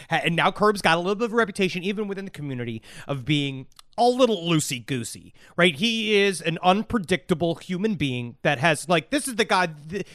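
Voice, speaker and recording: Man, podcast co-host, rambling, profane, high voice, dry. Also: a bit bright, no echo. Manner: rambling, profane, with many restarts. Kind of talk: casual true crime podcast chat.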